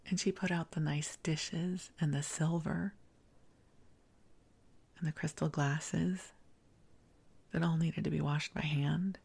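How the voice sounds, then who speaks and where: Soft-spoken, husky middle-aged woman. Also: low-pitched, steady tone, takes it slowly, long pauses. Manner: soft, half-whispered, laughs at herself. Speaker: sleep podcast host. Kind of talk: soft bedtime rambling.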